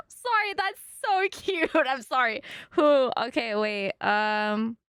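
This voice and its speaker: A woman streamer chatting casually, excitable and giggly, swearing freely. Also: on the high side, slow, slight background noise. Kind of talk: casual chat.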